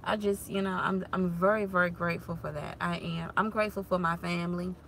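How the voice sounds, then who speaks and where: A woman talking casually to her viewers in a vlog. She tells lively stories, laughing often and acting out what people said, then turns soft and heartfelt when she talks about being grateful. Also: fairly low pitch, a little fast, vocal fry, a little hiss or hum. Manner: animated storyteller who laughs often and acts out quotes. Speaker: vlogger and mother.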